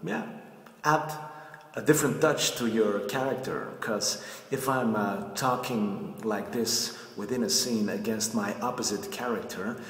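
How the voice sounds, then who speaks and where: A man giving a casual acting tip, unhurried, with many fillers and pauses. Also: on the low side, fairly bright tone. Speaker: acting coach. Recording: echoey room with long reverb.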